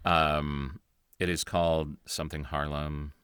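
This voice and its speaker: A man co-hosting a podcast in casual chat, mostly giving brief reactions and asking quick questions. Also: rumbling low, level tone, a bit bright, clear, resonant tone, no room sound, studio quality. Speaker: podcast co-host.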